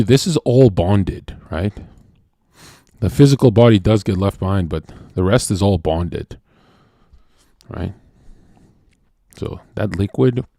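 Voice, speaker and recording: A man rants to his livestream chat in a brash, profane way. He jumps from shouting to near-whispered asides. The sound is dry and close, with no room echo. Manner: brash, profane, swings from loud shouting to low murmuring. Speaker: streamer.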